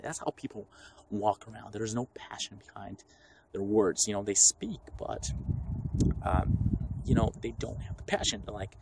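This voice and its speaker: A man's voice: lowish voice, normal speed, vocal fry, slight background noise, rough recording. A man delivering an unscripted, rambling rant full of swearing, often acting out what other people say. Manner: rambling, profane, animated, acts out quotes.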